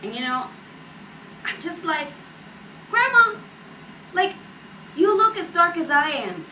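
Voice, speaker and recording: A woman's voice: extremely high pitch, takes it slowly, recorded from a distance, heavily acted. An actress playing a young woman from a Puerto Rican family in a stage monologue, speaking in a wry, matter-of-fact way. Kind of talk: stage monologue based on an interview. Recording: echoey stage recorded from afar, steady noise.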